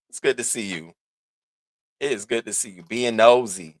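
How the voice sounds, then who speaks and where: Hosting a live stream, a man with a medium-pitched voice speaks at a moderate pace. His commentary is sassy and profane, and he calls out viewers in the chat by name.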